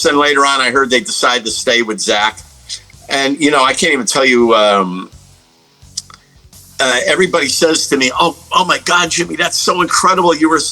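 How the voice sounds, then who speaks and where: A man's voice: mid-range voice, sharp tone, low-quality recording. A middle-aged man from the United States, a guest guitarist telling stories in a casual interview, rambling with many fillers and restarts.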